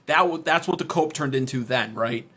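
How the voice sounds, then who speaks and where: A man's voice: medium pitch, moderate pace, bright, forceful tone. A man giving sarcastic, unscripted political commentary with a mocking edge. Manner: loose, unscripted delivery with restarts.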